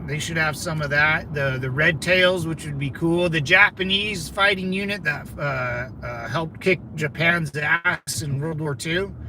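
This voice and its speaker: A man from California livestreaming from a vehicle, rambling excitably through viewer comments with lots of fillers. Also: a little high, measured pace, few pauses, noisy background. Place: in a moving vehicle in a city.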